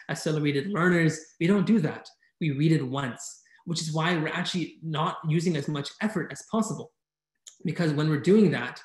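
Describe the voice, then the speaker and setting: Eager man presenting over a video call, lifted voice, keeps asking "right?" to the audience, roomy echo on the sound. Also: on the high side. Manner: enthusiastic, fast-talking, keeps asking "right?". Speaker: conference speaker teaching speed reading. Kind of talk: energetic online presentation.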